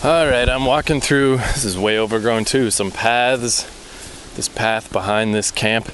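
A man's voice: medium pitch, fairly even intonation, measured pace, fairly bright tone, slight background noise. A man hosting his podcast, rambling and swearing in frustration as he walks along a wooded path outdoors, recorded on a portable battery mic. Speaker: podcast host. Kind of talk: rambling walking monologue. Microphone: battery-powered portable mic.

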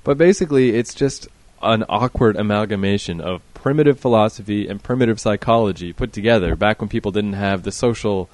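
A man with a fairly low voice swears freely and gives his opinions hard. His voice is close and dry, with no echo. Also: a little fast, few pauses, darkish tone. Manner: profane, opinionated. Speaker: podcast co-host. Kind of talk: casual chat.

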